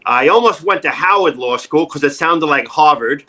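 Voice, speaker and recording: A middle-aged man with a New York accent, telling jokey stories in a casual interview, animated and wisecracking. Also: fairly high pitch, normal speed, background noise. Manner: animated, wisecracking, jumps into quoted voices. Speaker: actor and comedian, interview guest. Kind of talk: casual interview, joking storytelling.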